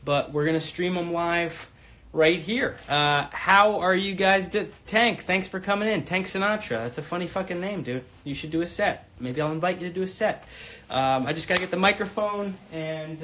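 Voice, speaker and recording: A man's voice: a little high, fairly bright tone. A man in his thirties hosting a live-streamed stand-up set from home, with a rambling, profane, self-mocking manner. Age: 30s. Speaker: stand-up comedian and host. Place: home in Brooklyn.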